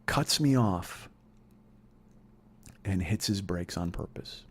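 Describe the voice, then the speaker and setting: A man's voice: low-pitched, lively intonation, slow, a little hiss or hum. A man in his forties hosting a comedy podcast, telling a personal story in an intense, profane, rambling monologue. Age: 40s.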